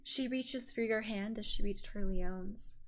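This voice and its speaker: A woman's voice: mid-range voice, unhurried, slight background noise. A woman narrating as game master of a tabletop game, describing scenes playfully with casual fillers.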